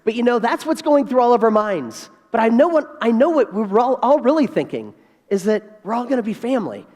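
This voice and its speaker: A man of about fifty giving a keynote speech as an animated storyteller who repeats key phrases for emphasis. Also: very high voice, a little fast. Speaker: keynote speaker. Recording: reverberant hall.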